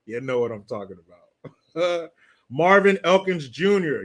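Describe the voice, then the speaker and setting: A man's voice: medium pitch, a little slow. A man hosting a casual commentary show, reading out viewer messages and joking between them with frequent laughs. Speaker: host.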